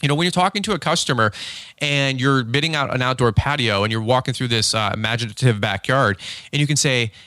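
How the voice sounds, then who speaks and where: A man hosting a podcast, giving casual coaching talk, animated, acting out little dialogues with big pitch swings and often repeating and restarting his words. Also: fast, dry recording. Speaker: podcast host.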